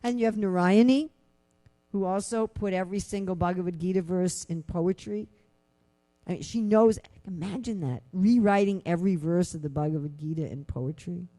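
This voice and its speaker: A woman's voice: on the low side, moderate pace. A woman giving a conversational scripture lecture, telling stories and asking rhetorical questions, with frequent filler phrases. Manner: conversational, many "you know" fillers; animated storytelling with rhetorical questions. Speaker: lecturer at a temple class.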